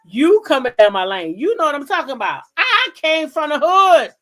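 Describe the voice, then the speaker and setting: A woman from the DC hosting a casual livestream, telling stories straight to her viewers in an animated, profane way. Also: high-pitched, normal speed. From Kensington, Maryland, near Washington DC. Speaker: livestream gossip host. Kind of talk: casual chat with live viewers.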